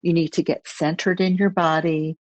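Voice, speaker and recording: A middle-aged woman presenting a webinar as a public speaking trainer, measured and instructive, repeating key phrases. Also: sits low, level tone, no echo. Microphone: video call.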